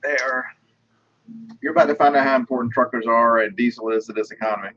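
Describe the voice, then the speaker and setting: A man joining a livestream by call as co-host, chatting in an easygoing way with halting fillers. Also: medium pitch, steady tone, sharp tone, dull audio. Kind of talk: casual livestream chat.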